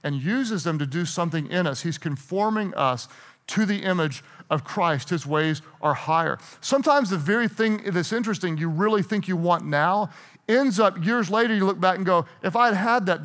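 Man, pastor, sermon, middle-aged, high-pitched, animated storytelling, long hall echo. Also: moderate pace. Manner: storytelling, animated, self-interrupting with repeated restarts. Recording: hall reverb.

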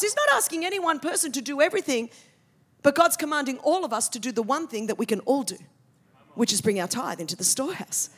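A woman in her forties from Australia, preaching a sermon as a pastor with animated comic asides that build to loud declarations. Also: high voice.

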